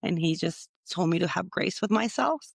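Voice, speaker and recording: A woman co-hosting a podcast, telling a personal story in a halting, emotional way. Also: lowish voice, lively intonation, vocal fry, dry recording, studio quality. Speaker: podcast co-host. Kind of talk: casual podcast chat.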